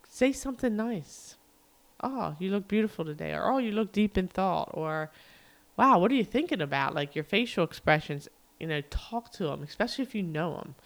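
A middle-aged woman talking casually and earnestly as a podcast co-host, rambling with frequent fillers. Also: lowish voice. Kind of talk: casual heartfelt monologue.

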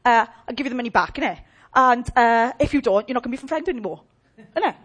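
A woman's voice: a little high, lively intonation, quick pace. A woman putting on a brash girl. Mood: defiant. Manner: loud, cocky, slangy. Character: brash young woman student, defiant and mouthy.

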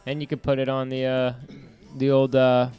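A man's voice: mid-range voice, monotone, smooth, muffled recording, soft background music. A man co-hosting a podcast in casual chat, joking and swearing. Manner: joking, swears, quick to laugh. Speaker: podcast co-host.

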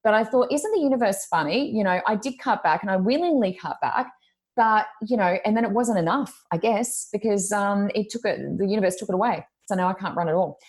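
A woman's voice: mid-range voice, fairly quick. A woman, co-hosting a podcast in casual chat, telling stories and acting out the voices of people she quotes. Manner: chatty storytelling, acts out quoted voices. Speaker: podcast co-host.

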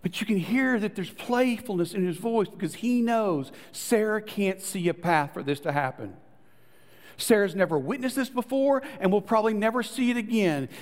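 A man preaches with a high, lively voice that climbs and falls as he tells the story. He acts out the people in it and drops to hushed, low lines for emphasis. His voice rings with the long reverb of a large hall. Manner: animated storytelling, acting out quoted voices, dropping to soft low tones for emphasis. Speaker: pastor. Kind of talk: sermon.

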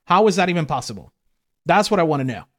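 A man's voice: fairly high pitch, big pitch swings, fast. A man co-hosting a political commentary podcast who rants heatedly and swears a lot. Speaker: co-host.

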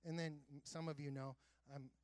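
A high-pitched male pastor delivers an earnest sermon, his voice pushing up and getting louder as he presses a point, with sarcastic asides along the way. The recording is dry and close, with no room sound around him. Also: little pitch movement, normal speed, clear, resonant tone, no echo. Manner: earnest preaching with self-described sarcastic humor; builds to loud, high emphatic passages.

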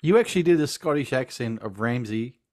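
A man's voice: medium pitch, expressive, fairly quick, darkish tone, dry recording, studio quality. A man with an Australian accent, a podcast guest chatting casually, blunt and teasing and swearing freely. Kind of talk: casual chat.

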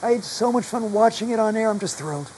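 A man's voice: sits high, animated, quick pace, darkish tone, a little hiss or hum, low-quality recording. A man whose voice is damaged by long covid, telling stories as a guest author in a chatty, self-deprecating way. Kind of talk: casual storytelling in a live conversation.

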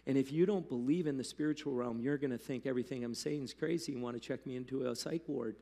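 A man preaching a sermon as pastor, talking to the congregation in a loose, animated way with asides. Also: medium pitch, fast talker, creaky. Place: church hall. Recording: long hall reverb.

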